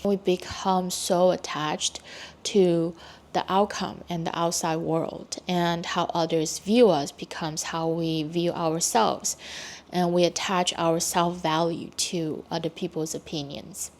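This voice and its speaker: Slow, low-voiced reflective woman. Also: fairly even intonation. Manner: thoughtful, with pauses and restarts. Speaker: video creator. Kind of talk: reflective monologue.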